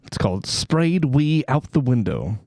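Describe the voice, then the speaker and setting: A man's voice: mid-range voice, sing-song, unhurried, dark tone, no room sound. Vigorous laughing man reading aloud. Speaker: podcast co-host.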